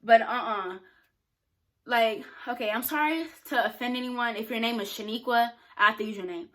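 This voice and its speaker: A woman's voice: on the high side, moderate pace, fairly bright tone. A young woman talking frankly and casually to camera, answering questions with plenty of filler words. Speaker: YouTuber.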